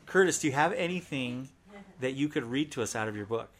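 A man's voice: medium pitch, expressive, fairly quick, a bit bright, a little hiss or hum. A man hosting a podcast from a living room, chatting casually and joking around. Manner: jokey, chatty, rambling. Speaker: podcast host. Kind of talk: casual chat.

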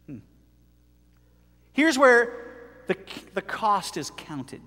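A man's voice: high-pitched, very animated, very slow, long pauses, pushed and bright. A man preaching a sermon in a conversational way, retelling scripture and acting out its voices. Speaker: pastor. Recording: long hall reverb.

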